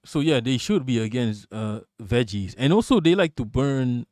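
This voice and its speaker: A man hosting a live stream in loose, casual chat, joking crudely and calling out viewers by name. His voice sits at an ordinary middle pitch. It sounds dry and close, with no room echo. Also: expressive, moderate pace, a little mellow.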